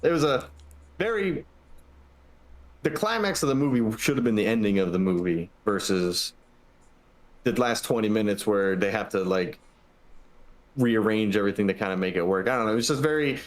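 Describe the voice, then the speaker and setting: A man's voice: lowish voice, expressive, moderate pace, pauses often. A man chatting as a guest on a podcast, loose and rambling, full of restarts and casual swearing. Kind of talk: casual chat.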